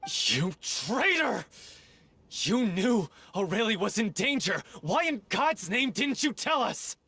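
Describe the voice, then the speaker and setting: An actor playing a grief-stricken young male troupe actor who shouts accusations in game voice acting. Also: sits high, sing-song, slow pace, slightly rough, no echo, full character voice. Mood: furious.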